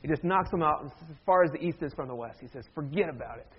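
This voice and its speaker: A man's voice: on the high side, quick pace, breathy edge, muffled recording. A man preaching a sermon as a pastor, talking in a conversational way with humorous asides.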